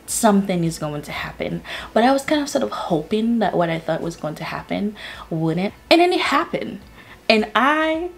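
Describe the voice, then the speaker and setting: A woman vlogging about her reading in casual chat, gushing and full of "like" fillers. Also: mid-range voice. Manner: chatty, gushing, many "like" fillers. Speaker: book vlogger.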